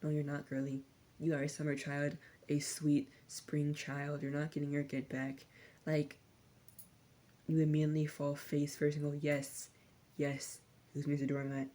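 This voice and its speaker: Young woman, low voice, mellow tone, sardonic slangy ASMR rant, soft spoken with whispers. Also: completely flat delivery, moderate pace. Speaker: vlogger.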